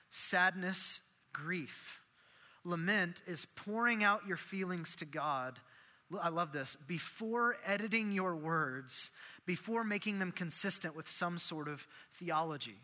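High, very bright preacher in a reverberant hall. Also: male voice, takes it slowly. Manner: animated, acts out prayers and friends' voices. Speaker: pastor. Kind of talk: sermon.

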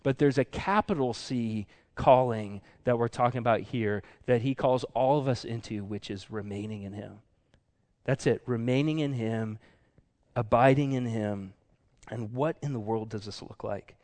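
A man preaching a conversational sermon, casual and chatty, with many fillers and self-corrections, who acts out quoted voices with big jumps in pitch. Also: moderate pace, a little mellow. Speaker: pastor.

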